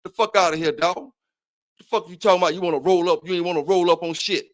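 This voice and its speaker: A man's voice: high voice, steady tone, fast. A man hosting a livestream, taunting and cursing at a rival in heated trash talk. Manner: profane, taunting, challenging. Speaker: livestream host.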